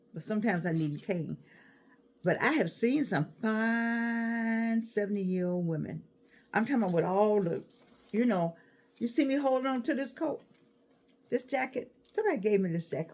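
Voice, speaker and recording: A woman's voice: on the high side, unhurried, long pauses, a little mellow. An older woman, chatting to camera and giving life advice in a sassy, digressive way. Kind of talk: casual chat to camera.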